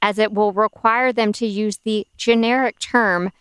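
A woman's voice: mid-range voice, steady tone, a little slow, a bit bright, smooth, no room sound. A woman co-hosting a casual podcast and presenting drinks news, a little tipsy from wine and talking in a chatty, filler-filled way. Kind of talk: casual chat.

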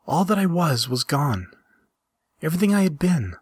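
An earnest young woman from a read-aloud story, soft and halting as she confides, raised noticeably above a low, husky reader's voice, as a man puts her on. Her delivery is intimate and close, in a dry, unechoing recording. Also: big pitch swings, dry recording. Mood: confiding. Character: earnest young woman, once powerful, now tender.

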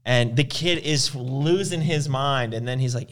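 A man's voice: mid-range voice, measured pace. A man in casual conversation, telling long, rambling anecdotes and acting out the people in them. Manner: rambling storyteller, acts out quoted voices. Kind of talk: casual chat.

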